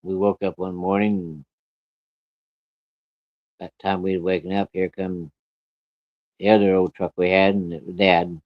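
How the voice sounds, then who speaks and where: In a fairly low voice, a man recounts a true story in a loose, folksy, rough-edged manner, chuckling along the way. His delivery is flat and a little slow, with long pauses. The recording is dry, dull, slightly lo-fi, and has no echo.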